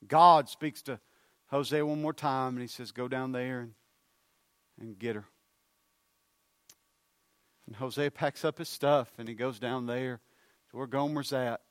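A man preaching a sermon, moving from hushed storytelling to loud, fervent appeals. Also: medium pitch, steady tone, measured pace, pauses often, no echo.

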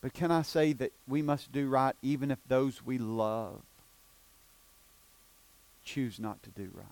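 A male pastor with an East Tennessee accent preaches a sermon in a church sanctuary, shifting between quiet, low passages and loud, emphatic declarations. His voice is at an ordinary male pitch, steady in tone and unhurried. The recording is close and dry.

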